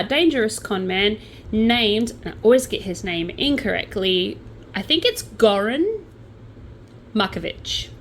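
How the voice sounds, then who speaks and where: A young Australian woman tells a true crime story as a casual, chatty host. Her pitch swings up and down with plenty of life, and she drops in sardonic, playful asides. Faint background noise sits under her voice. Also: a bit bright, rough recording.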